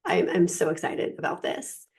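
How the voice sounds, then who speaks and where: A woman coach talking casually about softness and emotions, lively and emphatic, full of filler words and rhetorical questions. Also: fairly low pitch, normal speed, vocal fry. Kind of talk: casual spiritual coaching talk.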